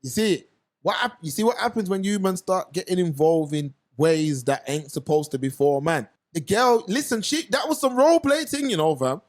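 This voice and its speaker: A high-voiced man holds forth in a casual podcast chat. He tells stories in street slang and acts out the people in them. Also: moderate pace. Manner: animated storytelling, slangy, acts out quoted voices. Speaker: podcast co-host.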